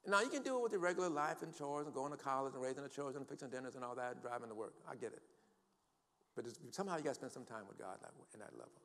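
A man's voice: medium pitch, expressive, very fast, fairly bright tone. An older man preaching a sermon in a church, quoting scripture emphatically and calling for responses from the congregation. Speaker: pastor. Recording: long hall reverb.

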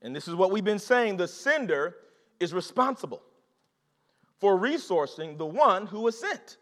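A man preaching a sermon to his congregation in an animated, conversational way, repeating phrases and calling out to the listeners. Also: sits high, moderate pace. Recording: long reverb of a large hall.

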